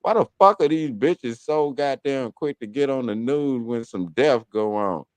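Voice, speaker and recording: A man's voice: mid-range voice, expressive, unhurried, clean tone, no echo. A man hosting a talk radio show, ranting in a heated, profane, blunt way about people and his own court case. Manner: heated, cursing, blunt storytelling. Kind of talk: profane casual rant.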